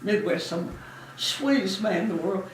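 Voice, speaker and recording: This former Navy nurse, now in her eighties, reminisces in an interview with a mid-range, expressive, unhurried voice. She's chatty and warm and laughs a lot. The recording has a slight hiss or hum, a distant mic, and an echoey room.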